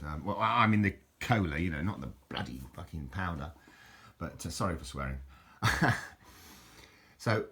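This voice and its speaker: A man talks casually through a show-and-tell vlog in a deep, low voice. He rambles and often restarts his sentences. He trips over unfamiliar foreign words as he goes. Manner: rambling and chatty, stumbles over foreign words, frequent self-corrections. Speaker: vlogger showing his bottle collection.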